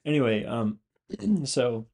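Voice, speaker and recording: A man's voice: mid-range voice, very animated, slow, darkish tone. A man, a host and former pilot, explaining a screen display in a loose, rambling way with many fillers and restarts. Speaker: channel host, former pilot and flight instructor.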